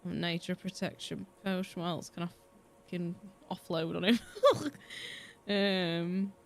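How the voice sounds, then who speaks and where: Soft music plays while a young woman with a Yorkshire accent streams a game, casually rambling, swearing freely and frequently laughing. Her lowish voice is level, unhurried and creaky; she's from Yorkshire, England.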